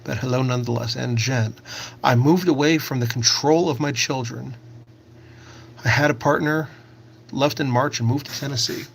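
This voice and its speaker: Gravelly-voiced man chatting on a livestream. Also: mid-range voice, normal speed, pauses often, slight background noise. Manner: chatty, reads and answers viewer comments while working on a craft. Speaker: livestream host. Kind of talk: casual livestream chat with viewers.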